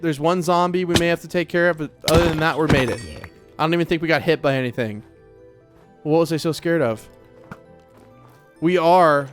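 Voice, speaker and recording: A man's voice: a little high, normal speed, long pauses, over music. A man hosting a let's play, giving casual gameplay commentary in a chatty, nervous way as he talks to himself. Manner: chatty, nervous self-talk.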